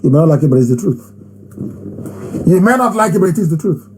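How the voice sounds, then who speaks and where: A man giving an impassioned live broadcast address, emphatic and repetitive, hammering phrases with long pauses. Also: a little high, animated, a little mellow, slight background noise, rough recording. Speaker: movement leader hosting a live broadcast.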